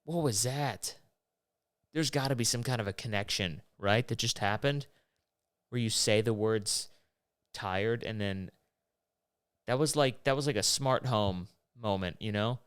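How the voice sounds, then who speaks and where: A young man hosting his own show, rambling through a profane, animated rant. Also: lowish voice, a little slow, pauses often, smooth, no room sound. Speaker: podcast host. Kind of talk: rambling solo monologue.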